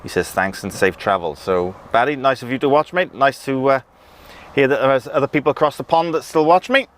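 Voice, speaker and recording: Faint vehicle noise from outdoors sits under a man's brisk, medium-pitched voice as he chats casually in and around his truck. The truck driver vlogger reads out viewer comments in a relaxed way, often saying um and restarting. He is recorded on an action camera with a pocket mic.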